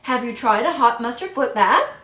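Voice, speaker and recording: A woman's voice: a little high, animated, normal speed, fairly bright tone, roomy sound. A woman reading aloud and voicing a kindly male groundhog who fusses over his neighbors' ailments and gives earnest advice. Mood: concerned, advising. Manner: earnest, fussing, helpful.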